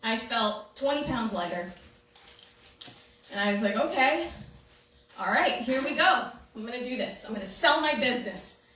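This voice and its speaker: Woman, storytelling talk, bright, a touch high, echoey hall from far off. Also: normal speed, long pauses, a little hiss or hum. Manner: animated, laughing often. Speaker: speaker. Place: large room with an audience.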